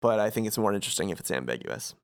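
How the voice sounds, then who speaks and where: A man co-hosting a comedic script read-through, making quick, wry asides. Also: lowish voice, sing-song. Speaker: podcast co-host.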